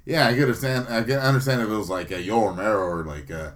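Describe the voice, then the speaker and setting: A man co-hosting a podcast, relaxed and laughing as he brings up news topics in casual banter. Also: on the low side, fast talker, heavy background noise. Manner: laid-back, laughing, loose. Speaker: podcast co-host.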